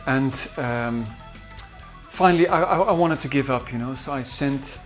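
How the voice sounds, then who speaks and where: A man with a Dutch accent, a musician recalling studio sessions in a halting way with many fillers. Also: medium pitch, soft background music. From Netherlands. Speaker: musician and producer. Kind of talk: behind-the-scenes recollection.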